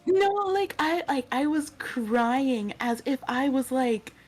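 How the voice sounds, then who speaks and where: A young woman guest telling a casual, animated story with lots of giggles, acting out her own reactions. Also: sits high, slow, faint music behind. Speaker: interview guest, virtual streamer.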